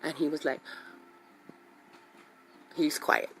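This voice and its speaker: A woman's voice: low voice, slow, slight background noise. A woman hosting a radio talk show, telling a personal story casually and acting out each voice, often repeating herself for emphasis. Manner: animated, acts out quotes, repeats herself for emphasis.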